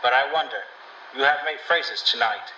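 A man's voice: mid-range voice, normal speed, pushed and bright, echoey room, far from the mic, highs cut off, slight background noise, pitched above the performer's own voice. A man doing a dry, wry wandering dreamer.

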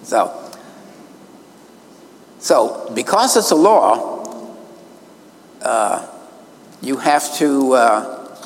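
A man preaching a sermon, emphatic and slowing down to stress key words. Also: medium pitch, sing-song, long reverb tail, poor audio. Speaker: minister. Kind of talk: sermon teaching from notes.

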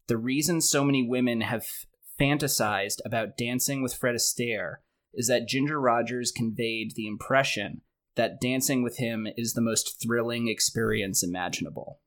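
A man hosts a relaxed conversation about a classic film. He steers the discussion and recaps scenes with dry, wry asides. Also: mid-range voice, moderate pace. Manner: leads the talk, recaps the plot with wry asides. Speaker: podcast host. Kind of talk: casual movie discussion.

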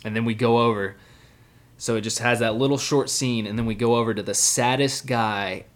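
A man's voice: mid-range voice, steady tone. A man co-hosting a casual podcast, recapping an anime episode in a blunt, joking way. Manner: joking, blunt, mimics characters in quick asides. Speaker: podcast co-host.

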